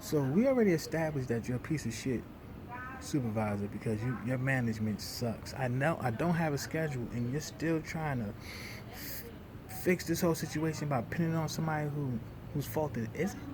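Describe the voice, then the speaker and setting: A young man, venting in a heated, profane rant that swings between loud outbursts and low muttering. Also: lively intonation, brisk, noisy background.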